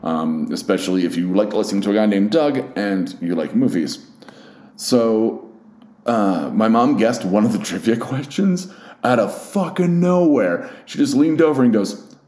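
A man's voice: fairly low pitch, animated, normal speed, mellow. Rambling, profane man. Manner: rambling, profane, self-deprecating. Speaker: podcast host. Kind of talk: casual solo chat. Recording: roomy echo.

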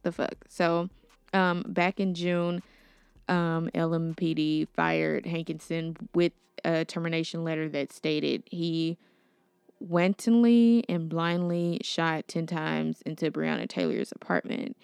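Young woman doing her solo podcast, smooth low-ish voice, close dry mic, outspoken and earnest. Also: slow pace, darkish tone, no room sound. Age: young adult. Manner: earnest and outspoken, with nervous laughs and stumbles over names. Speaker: podcast host. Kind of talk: casual solo podcast commentary.

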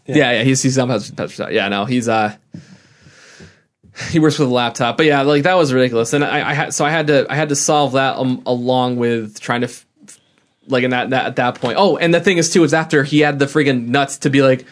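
Here a young man co-hosting a laid-back podcast chats a little quickly, his medium-pitched voice steady in tone. He rambles, restarts, leans on fillers and laughs a lot.

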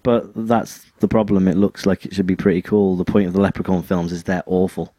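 A man co-hosting a podcast in casual chat, rambling and halting with restarts. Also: low voice, flat delivery, mellow, dry recording. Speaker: podcast co-host.

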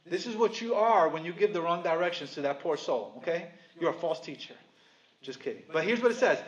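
Man, pastor, high-pitched, casual emphatic sermon, dry humor, dull lo-fi recording. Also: expressive, a little fast. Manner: conversational, emphatic, asks the congregation questions.

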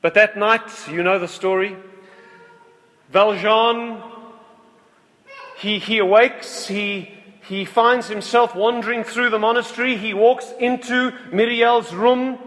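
A man preaching a sermon, retelling a story slowly and earnestly, often restarting his phrases. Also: high-pitched, fairly even intonation, a bit bright. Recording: long hall reverb.

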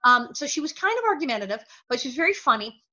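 A woman guest in an interview, telling stories with lots of energy and quick impressions. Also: sits high, muffled recording. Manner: energetic, bursts into impressions and laughs. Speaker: interview guest, former child actress. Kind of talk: animated storytelling.

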